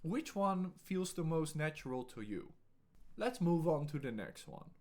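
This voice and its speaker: A man teaching as an English speaking coach, talking calmly and deliberately with a pause every few words. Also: a little high.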